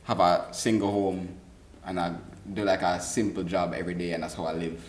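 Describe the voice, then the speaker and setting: A man's voice: sits low, steady tone, fairly quick. A man chatting casually with friends, joking and admitting he is confused. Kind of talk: casual chat. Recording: roomy, with faint background noise.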